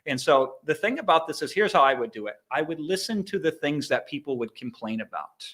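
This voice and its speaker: A middle-aged man teaches a live business training with lots of energy. His voice sits fairly high for a man, and he leans hard on words for emphasis, sometimes mimicking sound effects as he speaks. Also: animated, a little fast, fairly bright tone.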